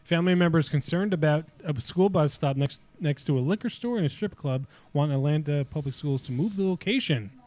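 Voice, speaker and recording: Podcast co-host, male, a bit high-pitched, reads headlines with snark. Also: brisk, few pauses, darkish tone. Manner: reads news aloud with mocking asides. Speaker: podcast co-host reading news stories. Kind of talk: casual comedic chat.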